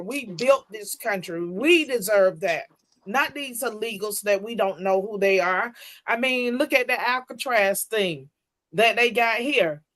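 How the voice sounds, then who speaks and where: A woman guest on a political talk show, speaking with forceful, deliberate emphasis. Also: mid-range voice. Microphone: video call.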